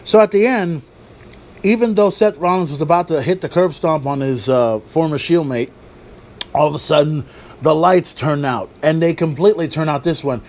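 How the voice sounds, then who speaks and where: Excitable swearing man hosting a podcast. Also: on the high side, normal speed. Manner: excitable, swears freely, drifts into asides. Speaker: podcast host. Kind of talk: solo wrestling podcast talk.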